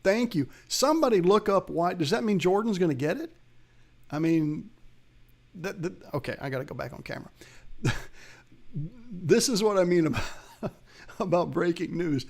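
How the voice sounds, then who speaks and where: A man's voice: high-pitched, expressive, normal speed, gravelly, pauses often, darkish tone. A man hosting a live investing webcast, giving market commentary in a chatty way, talking straight to viewers and reading their chat. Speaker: host of a live investing show.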